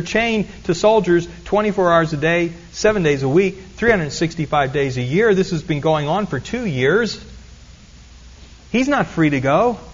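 A man's voice: sits high, lo-fi sound. A man preaching a sermon as pastor, earnestly teaching and repeating key phrases for emphasis.

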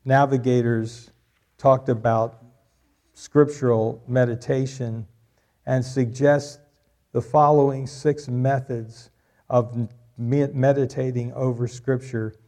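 A man's voice: mid-range voice, little pitch movement, takes it slowly, mellow. A middle-aged man preaching a sermon, repeating key lines for emphasis and joking with the congregation. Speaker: pastor.

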